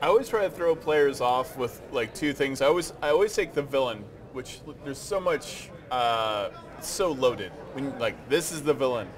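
A man's voice: medium pitch, expressive, moderate pace, few pauses, crowd noise. Chatty guy doing a casual interview, mid voice, laughs a lot. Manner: chatty, laughs easily, emphatic asides.

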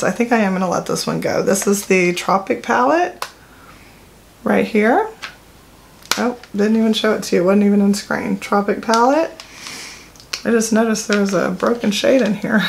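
There's a little hiss or hum on this clip of a middle-aged woman's creaky, medium-pitched voice. As a beauty vlogger, she rambles casually to camera about her makeup, using fillers and correcting herself along the way.

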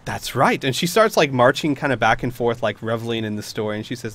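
A man narrating a tabletop role-playing game as game master, halting with many restarts. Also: medium pitch, lively intonation, a bit bright.

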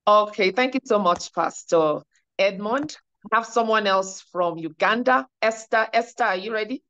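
A woman hosts an online service, bright and cheerful as she introduces each speaker. Her pitch is in the middle range for a woman. The call audio sounds dull and lo-fi. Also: normal speed. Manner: cheerful, calling speakers in turn. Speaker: service host. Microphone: video call.

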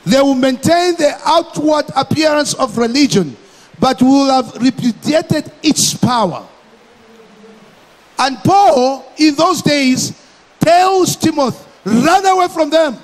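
High-voiced guy from malawi preaching real slow, repeats himself a lot, lots of hall echo. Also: animated. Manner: emphatic, repeats phrases, slow deliberate preaching. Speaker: pastor. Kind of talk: sermon.

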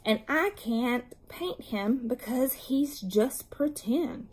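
A woman voicing a stubborn, excitable little girl in a read-aloud storybook, loud and drawn-out. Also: a little high, breathy edge, exaggerated voice.

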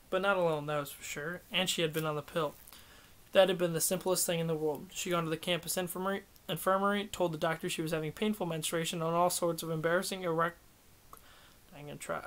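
A man reads a novel aloud in a steady, unhurried way, correcting himself now and then. His voice is a little higher than most men's. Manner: steady, self-correcting reading. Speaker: audiobook reader. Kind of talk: novel reading.

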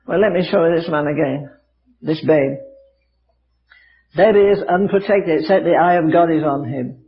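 An older man preaching with a high, lifted voice, spinning stories and rhetorical questions with a dry wit. The old recording is dull and muffled. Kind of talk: sermon. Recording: dull lo-fi archive sermon recording.

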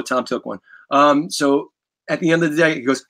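A middle-aged man telling a story on a talk show guest spot, animated and vivid, swearing freely and acting out scenes. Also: medium pitch, brisk. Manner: vivid, profane, acts out scenes. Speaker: guest musician.

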